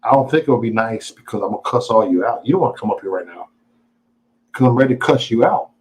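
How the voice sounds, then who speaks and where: A man hosts a live stream and talks straight to his chat in a swaggering, mock-angry rant. His pitch swings up and down a lot, and he curses and teases constantly. He sounds boastful. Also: expressive, fast, rough recording. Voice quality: profane, taunting and boastful, mock-angry ranting. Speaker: livestream host.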